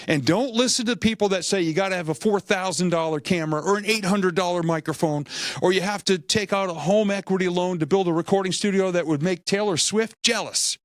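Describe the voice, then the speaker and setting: Lively middle-aged male motivational speaker. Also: a little high, no echo, clean studio sound. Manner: energetic, animated storytelling with acted-out quotes; humorous, self-deprecating. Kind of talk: motivational talk at a meetup.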